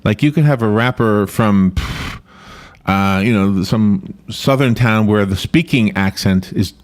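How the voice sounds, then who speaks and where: Casual radio host, a man with a soft New York accent, a bit low-pitched. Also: unhurried. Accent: watered-down New York. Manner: casual, laughing, rambling. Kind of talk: radio interview.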